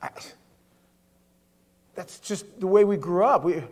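A man pastor preaching a sermon in a chatty, animated way, swinging from soft asides to loud emphasis. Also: high voice, unhurried. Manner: conversational, with filler words.

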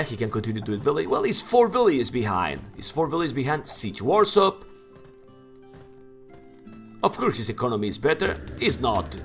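A male game caster whose first language is Spanish, with a high, bright voice that leaps all over the place. He commentates live in broken English and bursts into shouts whenever a big play happens. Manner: excitable, swings into shouts at big plays; non-native English with broken grammar.

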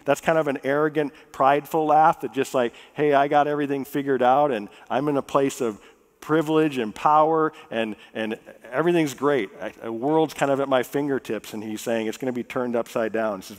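A man preaching a sermon as pastor. He talks in a relaxed, conversational way, jokes with the congregation, and slows down to read scripture. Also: medium pitch. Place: church sanctuary. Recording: long reverb of a church hall.

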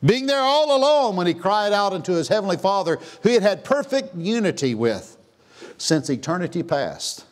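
A pastor preaching a sermon in a church, swinging from hushed, slow lines to loud, high exclamations. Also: male voice, very animated. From Texas. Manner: preaching with big swings, dropping to a hush then rising to a near shout. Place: church sanctuary.

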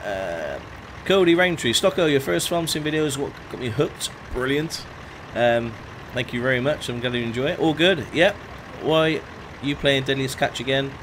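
A man's voice: medium pitch, normal speed, hardly any pauses, fairly bright tone. Chatty man streaming a truck game. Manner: chatty, greets chat viewers by name. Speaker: gaming streamer. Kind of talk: casual live-stream commentary. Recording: faint truck engine noise behind.

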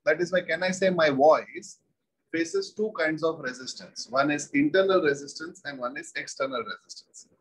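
A man's voice: on the high side, normal speed, slightly rough, rough recording. A man teaching a physics class, repeating every point and asking the students rhetorical questions. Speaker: physics lecturer. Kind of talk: classroom lecture.

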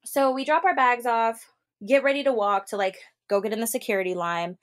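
A young adult woman co-hosting a podcast, telling a story in casual chat and acting out the quotes with big jumps in pitch. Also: fairly quick. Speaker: podcast co-host.

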